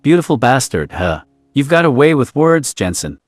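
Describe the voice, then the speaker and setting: A man's voice: mid-range voice, very animated, moderate pace, no echo. A man voicing an earnest, emotional young lover. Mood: tender. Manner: emotional, earnest, swears often.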